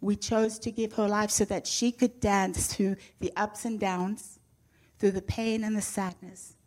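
A woman's voice: medium pitch, fairly even intonation, measured pace, darkish tone. Earnest older woman giving a testimony. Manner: heartfelt and earnest, lightly humorous. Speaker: guest speaker sharing a faith testimony. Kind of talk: personal testimony to a church audience.

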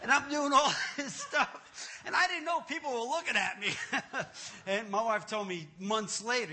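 A man telling a comic personal testimony in an animated, self-mocking way, often laughing at himself. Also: extremely high pitch, moderate pace.

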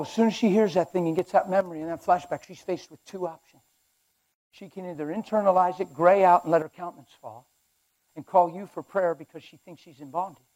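A man with a high voice preaching a sermon. He talks in an emphatic, animated way and acts out little scenes to make his points.

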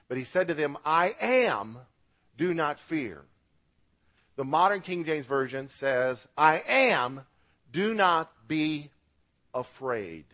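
A man's voice: medium pitch, a bit bright. A man preaching a radio sermon as pastor, with emphatic rises and drops, asking the congregation to repeat words after him.

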